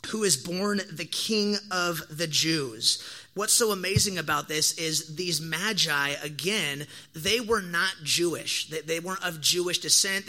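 A young man gives a casual sermon in a high, brightly ringing voice. He talks in slangy, animated bursts and acts out lively quoted asides as he tells his stories. Sometimes he slows down to make a point. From Oregon, USA. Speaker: pastor.

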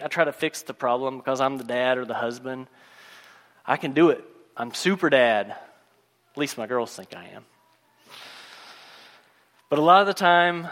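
A man preaching a sermon, retelling a story and acting out its characters' lines in a lively storytelling manner. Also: mid-range voice, big-room sound. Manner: storytelling, acts out voices of the characters.

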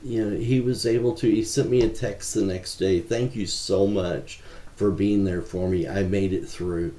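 A man with a very deep, mellow voice answers interview questions in an earnest, measured way, often pausing on fillers. His voice carries a noticeable room echo. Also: fairly even intonation. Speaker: ministry founder, guest. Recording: roomy echo.

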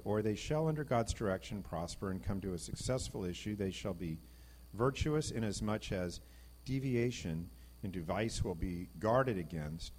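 A middle-aged man giving an informal Bible teaching, reading passages and talking them through with lively emphasis. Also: on the low side, breathy edge. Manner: conversational, reads scripture aloud, animated emphasis. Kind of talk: informal sermon.

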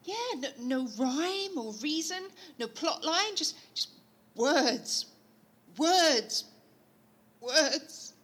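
An eager, gushing actress character, played by a woman in a comedic audio play. Her voice sits high and bright, swooping widely up and down while she takes her time over the words. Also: drawn-out words, heavily acted. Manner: gushing, excitable.

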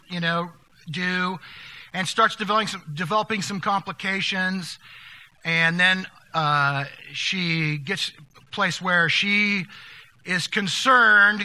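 An older man preaching a sermon, telling stories in a conversational way with many restarts, going quiet at the sad moments. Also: high-pitched. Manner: conversational, halting with restarts, drops to hushed tones for sad moments. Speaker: pastor. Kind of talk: sermon storytelling.

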